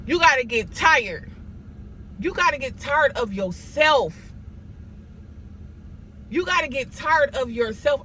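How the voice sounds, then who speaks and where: A woman's voice: sits high, a bit bright, a little hiss or hum, poor audio. A woman giving an emphatic, repetitive motivational monologue, scolding herself and her viewers in a preachy tone. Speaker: motivational vlogger. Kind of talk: motivational self-talk monologue.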